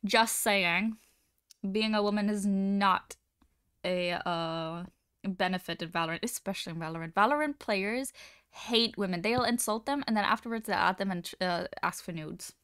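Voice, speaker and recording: A young woman streamer chatting casually with a smooth, resonant voice. She tells stories in an animated, talkative way, close to a dry mic. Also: mid-range voice, normal speed, no room sound. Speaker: livestream host. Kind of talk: casual chat.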